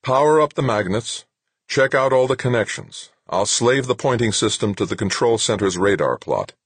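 A man's voice: mid-range voice, expressive, moderate pace, breathy edge, no echo, pitched above the performer's own voice. A man reading an audiobook, voicing a tense male engineer who gives terse orders and mutters under pressure.

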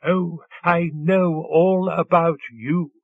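A playful young woman lover with a soft, teasing delivery, as a male narrator puts her on. Her lines come slow and husky. The recording is dull and dry. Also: on the high side, fairly even intonation, no room sound.

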